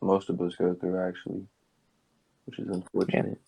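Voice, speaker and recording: A young man co-hosting a casual podcast, talking in a supportive way and signing off briskly. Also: deep voice, monotone, creaky, mellow, breathy edge, rough recording. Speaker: podcast co-host.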